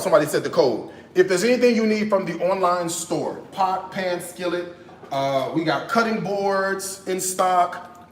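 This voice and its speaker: An American man hosting a live cooking stream in a kitchen, talking in a sassy, animated way and tagging his lines with "okay?". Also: fairly high pitch, slight background noise. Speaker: cooking show host. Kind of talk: casual live-stream chat while cooking. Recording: roomy echo.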